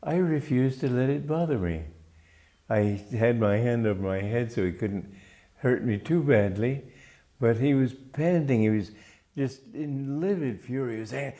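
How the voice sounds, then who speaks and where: Speaking expressively at a medium pitch, a spiritual teacher from Romania delivers a calm, reflective talk. He takes his time and restarts a phrase now and then.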